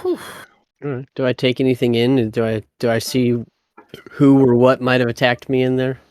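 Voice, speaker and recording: A man's voice: medium pitch, little pitch movement, normal speed, a little mellow. Guy player asking the gm stuff, plain mid voice, easygoing. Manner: plain, asks rule questions. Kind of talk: casual chat at a tabletop game.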